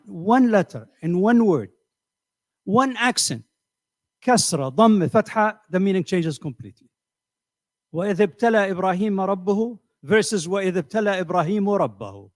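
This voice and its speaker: A middle-aged man with a high-sitting voice lectures a class, asking his students questions and often repeating words as he thinks. The recording is dry.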